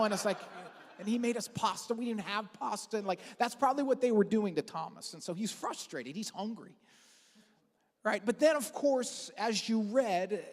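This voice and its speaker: Pastor, easter sermon, chatty and energetic, uh-filled asides, long hall reverb. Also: mid-range voice. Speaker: lead pastor. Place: large church auditorium.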